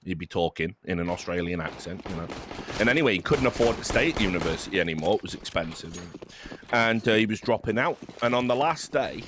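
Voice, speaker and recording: A man's voice: low-pitched, expressive, quick pace, noisy background. A man, casually commentating a game and telling rambling, self-mocking stories. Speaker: esports caster.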